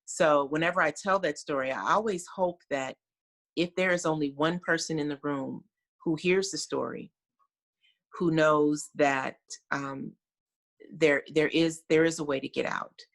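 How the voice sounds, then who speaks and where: A woman's voice: low-pitched, unhurried. A middle-aged American woman, a guest on a video call, telling her story in an earnest, reflective way with many fillers. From United States.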